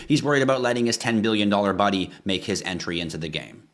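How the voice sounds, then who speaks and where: This man talks fast with hardly any pauses, his lowish voice animated and fairly bright, as he hosts a casual crypto livestream. He rants passionately, curses frequently, and bombards viewers with rhetorical questions and pleas.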